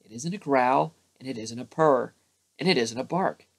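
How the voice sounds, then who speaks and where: A man doing Pooh, a mild gentle bear. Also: mid-range voice, moderate pace, vocal fry, slightly rough. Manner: mild, puzzled.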